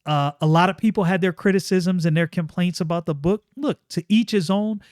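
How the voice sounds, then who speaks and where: A man's voice: high voice, fairly quick, a little mellow, dry recording, clean studio sound. A man reviewing a comic book in casual, enthusiastic commentary, often repeating phrases for emphasis.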